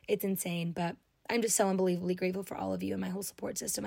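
A young woman hosting her own podcast, talking alone in a warm, gushing, affirming way. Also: mid-range voice, creaky, husky, no echo. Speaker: podcast host. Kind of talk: solo podcast talk.

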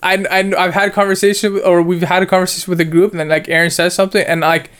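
Fast-talking, with a high, clear, resonant voice, a young man co-hosts a film review. He chats casually and rambles on, bringing scenes back to life in animated slang.

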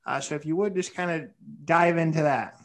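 A man hosting a casual interview, talking in a relaxed, easygoing way and often repeating words. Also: a little high, moderate pace. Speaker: podcast host.

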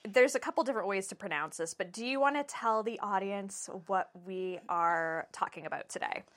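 A woman in her thirties co-hosting a casual podcast, animated and blunt, swearing and laughing often. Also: medium pitch, moderate pace. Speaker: podcast co-host. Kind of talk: casual chat.

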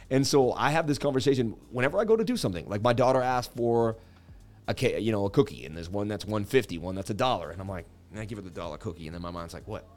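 A man's voice: fairly low pitch, expressive, fast, soft background music. A man hosting a casual livestream, joking and chatting while he reads viewer comments and walks through charts. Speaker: crypto livestream host.

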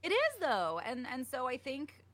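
A woman's voice: high voice, huge pitch swings, measured pace, fairly bright tone. A young woman co-hosting a podcast in casual chat, talking with many fillers. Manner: chatty, uses many fillers like "like" and "um". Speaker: podcast co-host.

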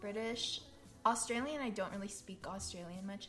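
A woman's voice: medium pitch, moderate pace. A young woman in her twenties co-hosting a podcast, playful and teasing, laughing often. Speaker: podcast co-host. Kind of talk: casual chat.

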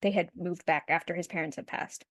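A woman's voice: fairly low pitch, steady tone, a little fast, no room sound. Young woman podcast cohost, rambly, says like a lot, swears some, dry sound. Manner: rambling retelling with constant "like" fillers, swearing. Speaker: podcast co-host. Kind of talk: casual chat.

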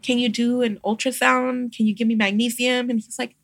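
A young adult woman, a midwife guest on a podcast, telling a personal story in a casual, animated way and acting out the voices of others. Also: on the high side, brisk, vocal fry, dry recording, clean studio sound. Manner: animated, acts out quoted voices, laughs often.

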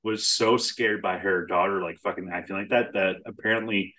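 A man's voice: low-pitched, steady tone, moderate pace, sharp tone. A man co-hosting a podcast, chatting casually about a film, swearing freely and laughing often. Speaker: podcast co-host.

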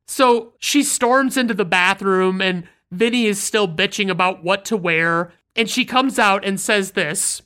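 A woman's voice: mid-range voice, a little slow, few pauses, fairly bright tone, smooth. A woman recapping a film in casual talk, blunt and heavy on swearing. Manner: blunt, profanity-laden storytelling. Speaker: film reviewer.

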